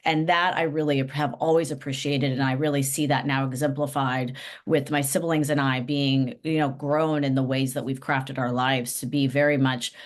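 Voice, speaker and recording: Woman, nonprofit leader, deep for her sex, thoughtful and sincere interview guest. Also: steady tone, normal speed. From Los Angeles, US West Coast. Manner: earnest, reflective storytelling. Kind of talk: podcast interview.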